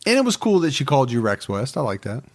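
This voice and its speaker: A man's voice: mid-range voice, very animated, fast. A man co-hosting a true crime podcast, chatting casually and teasing his co-host in a dry way. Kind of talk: casual chat.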